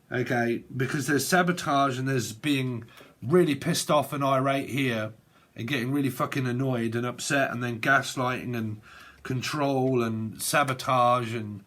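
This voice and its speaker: Rambling, sweary tarot reader. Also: male voice, mid-range voice, a bit bright. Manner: rambling, sweary, laughs often. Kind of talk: casual tarot reading monologue.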